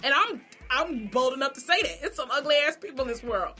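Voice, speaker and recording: Bright, blunt, foul-mouthed woman vlogger. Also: sits high, animated, fairly quick. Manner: blunt, profane, sassy, laughs often. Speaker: vlogger reviewing a TV show. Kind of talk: casual opinionated monologue.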